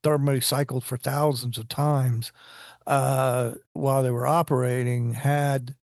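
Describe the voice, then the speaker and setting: A man's voice: mid-range voice, fairly even intonation, measured pace, a little mellow, no echo, clean studio sound. A man in casual technical conversation, rambling and restarting his sentences as he explains engineering ideas.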